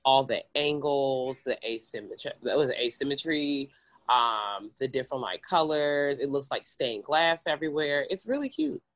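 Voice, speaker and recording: Mid-pitched speaker explaining things thoughtfully. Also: expressive, a bit bright. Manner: measured and explanatory, with frequent um and like. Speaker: podcast co-host. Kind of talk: casual film discussion chat.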